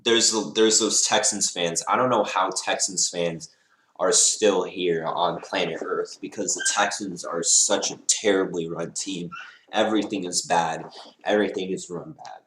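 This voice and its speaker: A young man giving rambling, excitable live reaction commentary as a fan, laughing and sighing between remarks. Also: deep voice, unhurried, roomy sound, a little hiss or hum.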